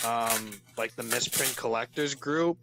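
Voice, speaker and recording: A man's voice: medium pitch, a little slow, creaky, over music. A man chatting casually with the host, offhand and laid-back. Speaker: friend commenting on the stream. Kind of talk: casual chat. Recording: noisy background hiss.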